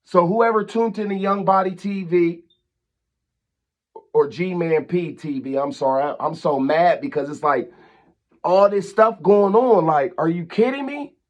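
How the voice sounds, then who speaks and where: A man, his voice sitting fairly high, vents at length in a vlog rant. He scolds and repeats himself, heated and insistent as he talks straight to camera. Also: unhurried. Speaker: channel host.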